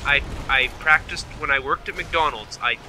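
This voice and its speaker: A man's voice: on the high side, normal speed, noisy background. A man joking and chatting as a co-commentator on a game playthrough. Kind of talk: gaming commentary banter.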